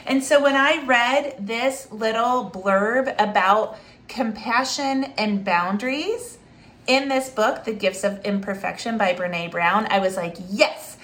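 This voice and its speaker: In a fairly high, unhurried voice, a special education advocate shares a story. The monologue is casual and talkative, dotted with fillers and restarts, and she brings quoted speech to life by performing it.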